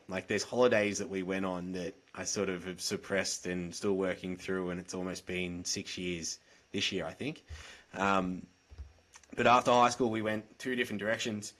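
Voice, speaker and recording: A man's voice: sits low, fairly bright tone. A man with an Australian accent, a guest on a podcast, talking in a candid, earnest and direct way over a video call. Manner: direct, earnest, plain-spoken. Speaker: podcast guest, mental health advocate. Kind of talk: candid conversational storytelling.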